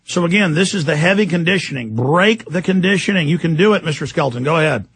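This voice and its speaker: A man's voice: on the high side, animated, fast, breathy edge, dry recording. A man hosting talk radio, delivering an insistent, escalating monologue. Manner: fervent, insistent, escalating into shouting. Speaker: radio talk show host.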